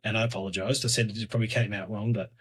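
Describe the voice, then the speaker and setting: A man in his thirties hosting a solo podcast, talking in a hesitant, reflective way with lots of fillers and restarts, often trailing off quietly. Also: on the low side, steady tone, rapid-fire, slight background noise. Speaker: podcast host.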